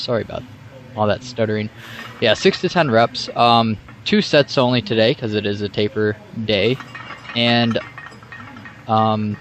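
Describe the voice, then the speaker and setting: A man's voice: on the low side, a bit bright. A young man narrating his gym workout vlog in a casual, rambling way, with many fillers and restarts. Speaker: fitness vlogger.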